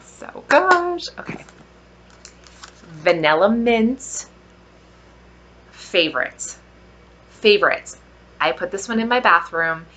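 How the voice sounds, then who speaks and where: A woman vlogger giving a casual product review, gushing with drawn-out exclamations and soft whispered asides. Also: on the low side.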